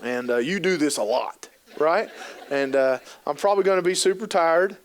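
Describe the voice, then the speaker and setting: Speaking at normal speed in a slightly high voice, this thirty-something keynote speaker on youth work entertains a conference hall audience. His talk is jokey and packed with stories, acted-out quotes, and plenty of fillers.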